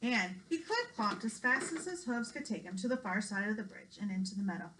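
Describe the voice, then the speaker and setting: A woman, a preschool teacher, reading a picture book aloud to young children with expressive, sing-song storytelling. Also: medium pitch, brisk, noisy background. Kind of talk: children's read-aloud narration.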